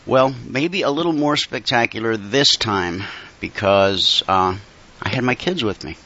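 A man's voice: on the low side, unhurried, bright, forceful tone. Folksy man with a cold, lo-fi. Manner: conversational and folksy, with wry asides. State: slightly congested from a cold. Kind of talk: casual monologue.

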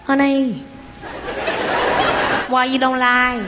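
A woman's voice: high-pitched, little pitch movement, extremely slow, big-room sound, lo-fi sound, a loud crowd, heavy background noise. A woman putting on a pushy nail salon worker. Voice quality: broken English. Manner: wheedling, calls everyone honey. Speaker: stand-up comedian. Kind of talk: stand-up comedy bit. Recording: live comedy club recording with loud audience.

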